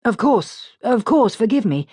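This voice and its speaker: A woman voicing an earnest, flustered woman near thirty, speaking in a polite, halting manner, in an audiobook. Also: fairly high pitch, very animated, mellow, slightly rough, dry recording, voice pushed up, heavily acted.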